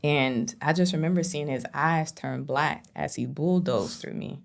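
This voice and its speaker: A woman's voice: deep voice, unhurried, vocal fry. A middle-aged woman, a podcast guest, earnestly recounting her own experiences with many "you know" fillers. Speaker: podcast guest, abuse survivor. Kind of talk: candid personal storytelling.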